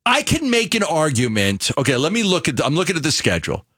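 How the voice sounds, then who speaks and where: A man with a New York accent co-hosts a sports radio show, his voice on the high side and slightly rough. He talks casually, animated but halting, restarting many times.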